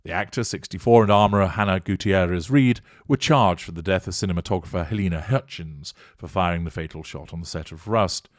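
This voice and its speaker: A man giving a measured, emphatic commentary monologue, reading and analysing an article in formal wording. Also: sits low, dry recording, studio quality. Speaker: commentator on narcissism.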